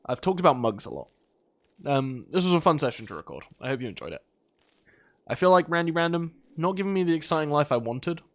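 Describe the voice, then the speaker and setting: A man's voice: fairly high pitch, very animated, a little fast. A British man casually commentating a colony game, rambling about side topics and scolding his characters in exasperation. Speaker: gaming video host. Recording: faint game music behind.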